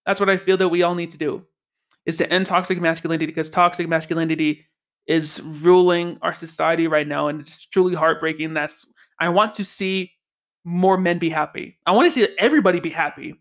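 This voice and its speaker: A man with a notably high-pitched voice hosts a spiritual podcast solo. He talks in a casual, heartfelt way and hammers his points home by repeating them. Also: fairly bright tone. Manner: passionate, emphatic and repetitive. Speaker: podcast host.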